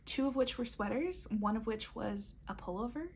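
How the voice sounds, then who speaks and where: A woman's voice: a little high, expressive, normal speed, slight background noise. A young woman talking casually to camera as a knitting vlogger, upbeat and chatty with frequent ums and little laughs. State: has the hiccups. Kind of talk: casual chat.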